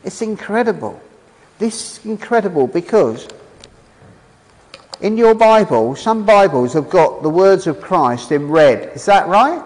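A man's voice: sits high, big-room sound, rough recording. A man preaching a sermon with enthusiasm, asking the congregation questions and reading scripture aloud. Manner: animated, enthusiastic, reads scripture aloud with pauses.

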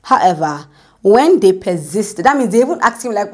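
A woman's voice: medium pitch, sing-song, normal speed, darkish tone. Chatty young woman giving a faith talk. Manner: conversational, repeats "do you get me?"; acts out quotes, drops to a whisper for prayers. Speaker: Christian speaker. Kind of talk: informal devotional talk.

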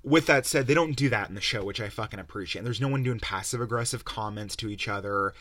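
A man's voice: fairly low pitch, fast talker, a bit bright, dry recording. A young man hosting a podcast, rambling and sarcastic as he swears his way through a casual review. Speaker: podcast host. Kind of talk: casual rant-style review.

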